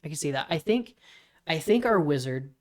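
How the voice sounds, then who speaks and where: A podcast co-host talking casually, rambling and restarting while pitching story ideas. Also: expressive, moderate pace. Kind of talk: casual brainstorming chat.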